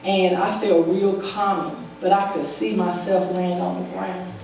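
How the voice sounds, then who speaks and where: A woman's voice: fairly low pitch, flat delivery, unhurried, gravelly, a little mellow. A woman giving a personal testimony at a church service, telling her story vividly and acting out the dialogue. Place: church sanctuary. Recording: very echoey hall, voice from far off, faint noise.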